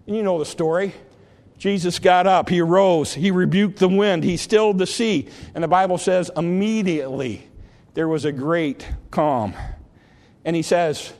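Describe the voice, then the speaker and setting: A man preaching a sermon with impassioned, repetitive delivery that swells and then hushes. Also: high voice, moderate pace, in a large hall.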